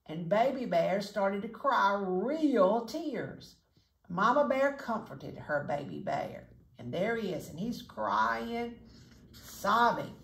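A woman's voice: medium pitch, animated, slow, creaky. A woman reading a children's picture book aloud as a chatty storyteller, pointing out the pictures as she goes. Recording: echoey room, faint noise.

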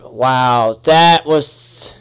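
A man giving let's-play commentary on his gameplay, talking to the enemies on screen and quickly getting annoyed. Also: medium pitch, a bit bright, clean tone. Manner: talks to the enemies on screen, easily annoyed, exclaims.

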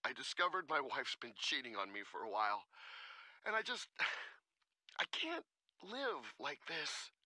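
A man voicing a despairing cartoon man who speaks in a halting, hushed way. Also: medium pitch, huge pitch swings, no room sound, exaggerated voice. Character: despairing adult man on the edge.

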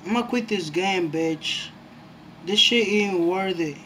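High-pitched, slow-talking excitable young man. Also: slight background noise. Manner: excitable, swearing, jumpy and nervous. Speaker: gaming YouTuber. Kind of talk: live gameplay commentary.

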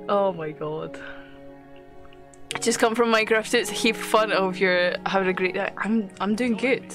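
A woman's voice: mid-range voice, normal speed, over music. A young woman streaming a game live, chatting casually, swearing often and laughing as she thanks viewers.

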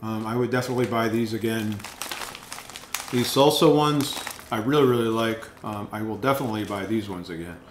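A man's voice: on the low side, fairly quick. A man hosting a casual food review vlog, rambling with repeated words and lots of ums. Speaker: food reviewer, channel host. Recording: echoey room with faint noise.

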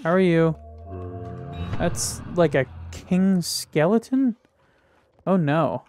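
A man's voice: on the high side, animated, slow, a little mellow, faint music behind. A man giving casual gameplay commentary, jittery and swearing as he talks to himself and the game. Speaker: gaming video creator.

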